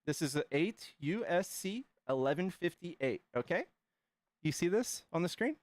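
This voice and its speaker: A man's voice: high-pitched, expressive, dry recording. Sarcastic man hosting a debate stream. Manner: sarcastic, reads legal text aloud slowly. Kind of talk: heated online debate.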